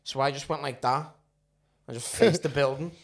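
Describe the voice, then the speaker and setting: A man's voice: mid-range voice, normal speed, vocal fry. A man in casual podcast chat, telling a blunt, sweary story and acting out the dialogue.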